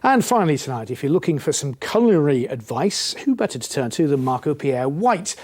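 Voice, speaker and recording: Guy news anchor, kinda high voice, smooth studio links. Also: very animated, a little fast, darkish tone. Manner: smooth, lightly jokey link reading. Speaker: news presenter.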